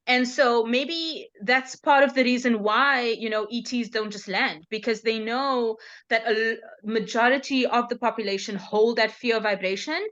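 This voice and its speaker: A woman's voice: fairly high pitch, moderate pace, fairly bright tone. A woman guest in a casual chat, telling a story in a reflective way. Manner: reflective storytelling, with quoted dialogue. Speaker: guest author. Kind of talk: casual conversation. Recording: dull lo-fi sound.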